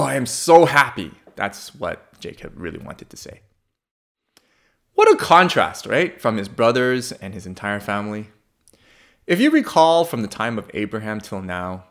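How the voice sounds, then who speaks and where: A man's voice: mid-range voice, a bit bright. A man preaching a sermon in a conversational, humorous way, asking the congregation questions.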